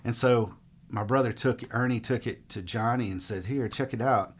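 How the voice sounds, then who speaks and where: A middle-aged man from Mississippi, telling stories in a rambling, relaxed way as a musician guest in an interview. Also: mid-range voice, moderate pace, slight background noise. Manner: relaxed, rambling, frequent fillers. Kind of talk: casual interview storytelling.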